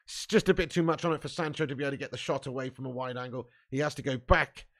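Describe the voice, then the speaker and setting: A man hosting a live fan watch-along, commentating excitably, swearing freely and shouting at chances. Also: medium pitch, fast talker.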